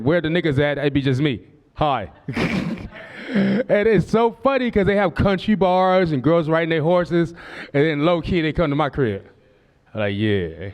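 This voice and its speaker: A man in his forties doing a profane, loose, conversational stand-up comedy set on a club stage. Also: a little high. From Southern California. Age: 40s.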